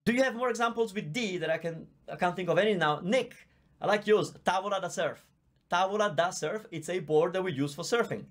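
A brisk, slightly bright, high-sitting male voice belongs to a native Italian teacher with an Italian accent. In his live online Q&A lesson, he chats, explains patiently, and reads out viewer comments with a microphone on view.

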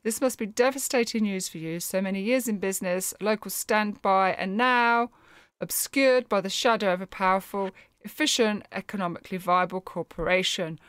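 A woman reading out a snooty corporate store manager, smug and stiffly formal, who lays on sympathy he doesn't mean. He speaks in a middle-pitched, everyday voice. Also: normal speed, fairly bright tone, smooth, no room sound, clean studio sound, natural voice.

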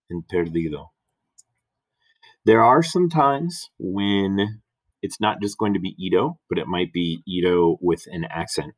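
A man teaching Spanish grammar in a recorded lesson, patiently repeating and spelling out examples. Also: low-pitched.

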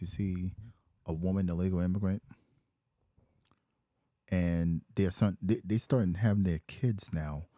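A man's voice: deep voice, dark tone, no echo, clean studio sound. A man vlogging, complaining in a rambling, repetitive way. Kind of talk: casual rant.

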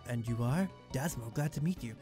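A man's voice: medium pitch, lively intonation, fairly quick, warm tone, faint music behind. A young man giving rambling, jokey commentary while he plays a video game. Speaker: let's play gamer. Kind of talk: casual gameplay commentary.

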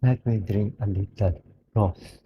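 A middle-aged Filipino man, a doctor, speaking hoarsely in a slow and earnest personal appeal that mixes English with Filipino. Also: lowish voice, lo-fi sound, a little hiss or hum. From Philippines.

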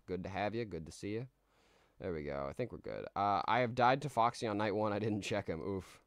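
A man's voice: on the low side, no room sound. A man streaming a game live, rambling in a laid-back way with many restarts as he reads out chat. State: tired.

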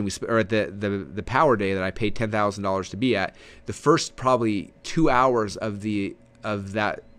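A man teaching a recorded webinar with an energetic, animated delivery, leaning forward and gesturing as he explains. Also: on the low side. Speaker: marketing trainer.

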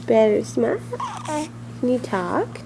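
High-voiced mom cooing at her baby. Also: sing-song, slow pace, vocal fry, noisy background. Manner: sing-song, gentle baby talk. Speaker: mother. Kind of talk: home video talking to her baby. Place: at home. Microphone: handheld camcorder.

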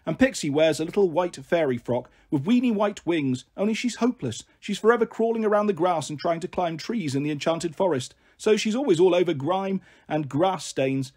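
A man's voice: sits high, animated, a little fast, few pauses, a little mellow, breathy edge. A man voicing a protective big-sister girl who spins playful, coaxing fairy stories in a storybook reading.

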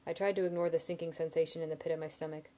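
A woman at home reading a novel aloud in a soft, low-key narrating voice. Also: level tone, racing. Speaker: audiobook reader.

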